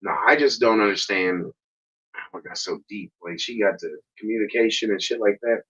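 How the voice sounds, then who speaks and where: A man co-hosting a podcast in loose, profane conversation and animated storytelling. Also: lowish voice, a little fast, slightly rough. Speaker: podcast co-host. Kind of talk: casual chat. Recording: dull lo-fi sound.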